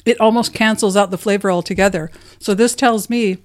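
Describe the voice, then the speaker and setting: A chatty woman co-hosting a relaxed food-tasting show, talking through each flavor with easy amusement. Her voice sits at an ordinary middle pitch for a woman. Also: brisk. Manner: chatty, amused, describing tastes in detail. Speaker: co-host. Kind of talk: casual food-tasting chat.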